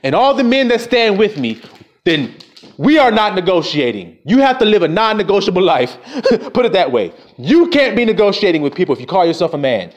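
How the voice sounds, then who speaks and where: A man delivering a fiery, profane sermon, swinging from low mutters to shouts. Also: big pitch swings, brisk. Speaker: self-styled preacher. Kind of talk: fiery street-style sermon.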